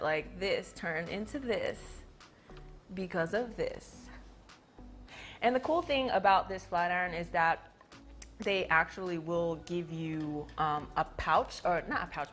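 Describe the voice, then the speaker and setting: A woman's voice: fairly low pitch, fairly bright tone. A young woman hosting a casual livestream product demo in a studio, talking chattily and playfully through a clip-on mic. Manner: chatty, filler-heavy, playful. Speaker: livestream host.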